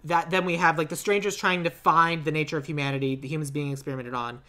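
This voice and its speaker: A man co-hosting a casual movie podcast, rambling with lots of fillers and quick to laugh. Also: fairly high pitch, fairly even intonation, pushed and bright. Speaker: podcast co-host.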